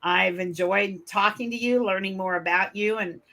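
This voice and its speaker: A woman from Michigan with a northern US accent hosts a casual podcast interview, chatting in a friendly way and using fillers. Her voice is mid-range with a sharp tone, and she speaks at a moderate pace.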